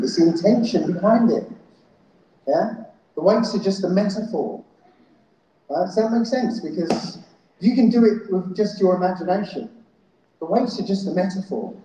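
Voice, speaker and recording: In a very echoey festival hall, a conference speaker delivers a live talk to an audience, his high-pitched voice carrying a warm tone. He keeps checking in with the crowd, tossing out "yeah?" and "right?" as he goes.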